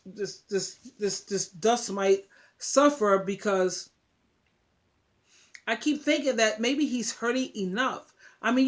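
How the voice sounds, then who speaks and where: A woman giving emphatic, preachy relationship advice straight to her viewers, often repeating words. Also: fairly high pitch. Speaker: advice vlogger. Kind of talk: casual talk to camera.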